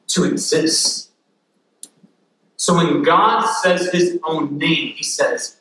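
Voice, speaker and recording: A male pastor preaching a sermon with lively energy, drawing the congregation in to repeat after him and tossing in joking asides. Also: on the high side, slow pace, slight background noise. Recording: echoey hall from far off.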